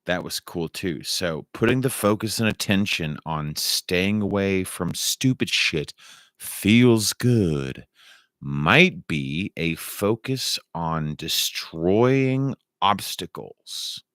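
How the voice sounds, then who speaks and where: A man's voice: sits low, lively intonation, takes it slowly, fairly bright tone, no room sound, studio quality. A man rambling through a solo monologue, wandering and repeating himself and swearing casually. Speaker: vlogger.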